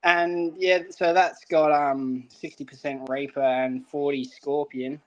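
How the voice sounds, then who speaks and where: A man's voice: fairly high pitch, steady tone, slow pace, muffled recording. A man from South Australia, a chilli-eating guest giving short answers and laughing shyly. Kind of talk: casual interview answers.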